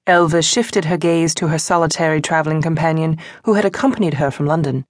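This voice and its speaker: A woman narrating an unabridged mystery novel as an audiobook, in a measured, even reading. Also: low-pitched, no room sound, studio quality. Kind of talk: scripted narration.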